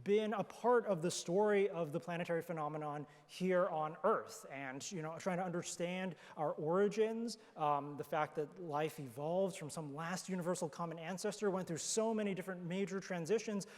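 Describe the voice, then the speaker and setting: High-voiced man explaining science in a hall. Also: normal speed, hardly any pauses. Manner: thoughtful, explanatory, with fillers and restarts. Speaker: astrobiologist panelist. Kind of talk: panel discussion answers. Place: conference hall. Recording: hall reverb from a conference stage.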